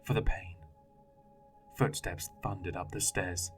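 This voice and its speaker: A man's voice: deep voice, steady tone, normal speed, a bit bright, soft background music. A man narrating a horror story in a grave, dramatic manner.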